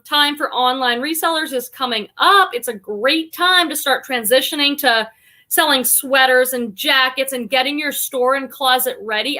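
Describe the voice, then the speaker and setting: A woman's voice: sits high, bright, forceful tone. A middle-aged woman from the United States hosting a casual live stream, chatting upbeat and reading viewer comments aloud.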